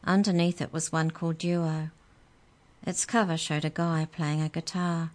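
A woman reading a children's story aloud in a calm, measured way. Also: sits low.

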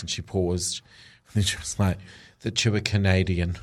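Guy host reading celeb gossip, lowish voice, jokey, trips over words a lot. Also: little pitch movement, normal speed. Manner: chatty, joking asides, stumbles while reading. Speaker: radio host. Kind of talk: casual show chat reading news.

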